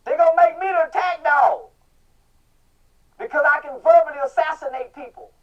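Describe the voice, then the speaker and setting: Guest spot: high-voiced, middle-aged man, brash and shouty, on a muffled far-off mic. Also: moderate pace. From Texas. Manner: loud, profane, bursts into shouting. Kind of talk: casual interview. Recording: muffled audio from a distant mic.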